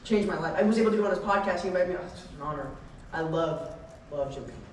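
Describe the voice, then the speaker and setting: Excitable young man in an echoey hall. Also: high-pitched, racing, recorded from a distance, a little hiss or hum. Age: young adult. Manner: excitable, tangent-prone, laughs often. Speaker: convention panel guest. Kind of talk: rambling anecdotal Q&A. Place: convention panel hall. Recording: echoey hall, mic heard from afar.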